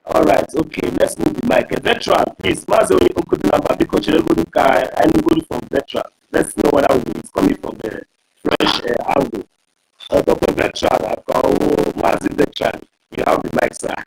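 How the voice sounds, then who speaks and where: A man's voice: on the high side, expressive, fairly quick, vocal fry, low-quality recording. A man moderating an online group call, chatty and handing the mic to the next speaker. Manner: chatty, laughs, calls on speakers.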